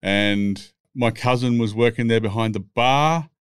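A man's voice: mid-range voice, a little slow, clear, resonant tone, no room sound, studio quality. A man, telling rambling, swear-filled stories as a podcast guest. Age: 60s. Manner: profane, rambling anecdotes. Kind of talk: casual storytelling.

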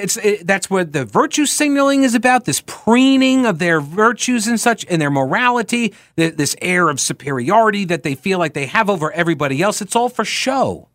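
A man hosting a talk radio show, delivering an animated, sarcastic monologue with asides and mocking quotes. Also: sits high, no room sound, clean studio sound.

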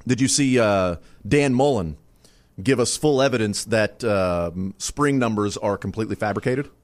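A man hosting a sports radio show, chatting in a relaxed, rambling way. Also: fairly low pitch, moderate pace. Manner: relaxed, rambling, laughs often. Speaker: radio sports talk host. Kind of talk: casual radio banter.

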